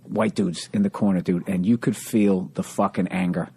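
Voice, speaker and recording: A man hosting a podcast, telling profane, animated stand-up stories in casual chat. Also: low-pitched, normal speed, creaky, slight background noise. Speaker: podcast host, stand-up comedian.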